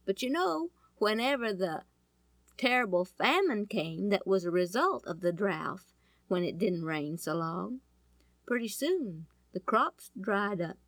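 Folksy animated woman storyteller. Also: medium pitch, unhurried, no echo. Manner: folksy, animated, asks listeners questions. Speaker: Bible storyteller. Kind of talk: storytelling to an audience.

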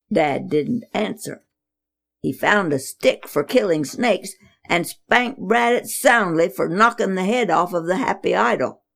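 A woman reading a children's story aloud, expressive with dramatic pauses. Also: on the low side, creaky.

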